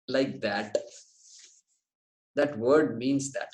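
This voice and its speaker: A man giving a scripture class, explaining Sanskrit terms slowly and with light jokes. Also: mid-range voice, lively intonation, echoey room, poor audio. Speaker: Vedanta teacher.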